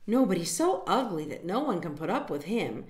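A woman's voice: lowish voice, very animated, normal speed, a little mellow. A woman voicing a mean barnyard duck that taunts and jeers in a storybook reading. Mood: taunting. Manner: sneering, taunting. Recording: echoey room.

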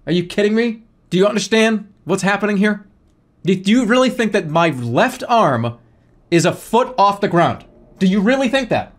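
A man streaming a game, ranting in an exasperated, animated way with lots of swearing. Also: high voice, moderate pace. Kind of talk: live game streaming rant.

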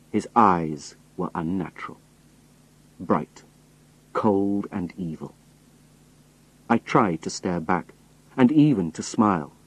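A man reading a novel aloud in first person with slow, careful, expressive storytelling. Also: low voice, husky, low-quality recording. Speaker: audiobook narrator.

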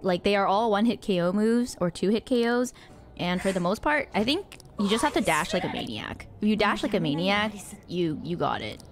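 A woman giving live gameplay commentary, excitable and breathless, shrieking and gasping as she plays. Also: medium pitch, a little fast, slight background noise. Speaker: gamer streamer. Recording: game music playing loudly behind.

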